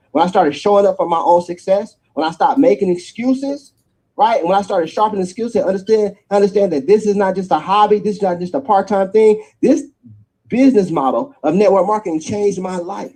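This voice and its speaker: A man giving an energetic sales pitch for a network marketing business, checking in with his listeners after almost every point. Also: breathy edge, low-quality recording. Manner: energetic preacherly pitch, tag questions after each point.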